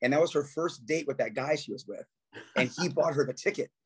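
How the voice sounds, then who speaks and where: A man's voice: fairly high pitch, brisk, breathy edge. A man, a guest musician, telling stories in casual talk and acting out quotes with a raised voice. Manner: animated, acts out quotes in raised voice. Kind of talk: casual storytelling.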